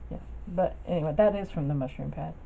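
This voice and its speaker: A woman's voice: deep voice, quick pace, creaky. A woman chatting casually in a rambling way, with lots of fillers and restarts, as she shows her craft projects to the camera. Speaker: craft vlogger. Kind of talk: casual show-and-tell chat. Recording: dull lo-fi sound with faint noise.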